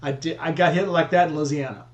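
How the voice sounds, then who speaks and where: A man's voice: a little high, fairly even intonation, quick pace, roomy sound, highs cut off. A man telling profane, laid-back road stories in casual chat with friends. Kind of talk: casual storytelling among friends.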